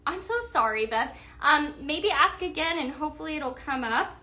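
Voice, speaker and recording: A woman's voice: sits high, lively intonation, moderate pace, pushed and bright. A woman presenting home decor products on a live stream, gushing over each piece and chatting with her viewers.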